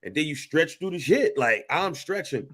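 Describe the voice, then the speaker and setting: Slangy, profane man, pitched fairly high. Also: normal speed, breathy edge. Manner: profane, animated storytelling with slang. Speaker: podcast co-host. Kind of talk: casual chat.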